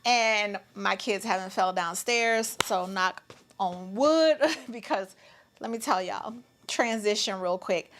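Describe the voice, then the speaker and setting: A woman's voice: medium pitch, takes it slowly, fairly bright tone, slight background noise. A woman, chatting animatedly to her viewers as a mother vlogger. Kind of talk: casual storytelling to camera.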